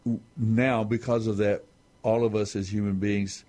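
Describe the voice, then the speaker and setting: A man explaining scripture on a talk show in a halting, measured way with many restarts. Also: lowish voice, level tone, darkish tone. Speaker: Bible teacher on a talk show. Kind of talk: unscripted Bible discussion.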